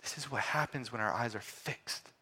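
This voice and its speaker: A man preaching a sermon, swinging between loud emphatic lines and quiet, hushed ones. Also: medium pitch, moderate pace, slightly rough.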